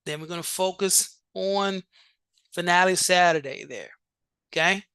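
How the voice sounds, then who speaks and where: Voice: medium pitch, unhurried, sharp tone, clean tone, no echo. A coach hosting a live online show and announcing competition vote results with hype, often repeating words and restarting sentences.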